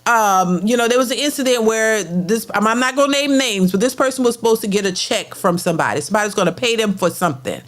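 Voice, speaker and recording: A woman with a somewhat high voice hosts a reaction show and delivers a casual, opinionated rant. She talks bluntly and with emphasis. She stumbles and repeats words when she gets heated. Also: expressive, fast talker, few pauses. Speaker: reaction channel host.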